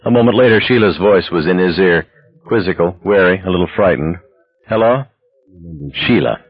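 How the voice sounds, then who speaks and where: Husky guy reading a novel aloud, dull lo-fi dry sound. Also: deep voice, a little fast. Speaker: audiobook narrator. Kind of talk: scripted narration.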